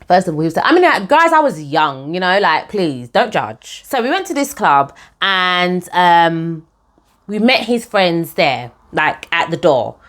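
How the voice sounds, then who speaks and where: Animated, chatty young woman. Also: on the low side, measured pace. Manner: chatty, animated, addresses viewers as guys. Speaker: vlogger telling her own story. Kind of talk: casual storytelling to camera.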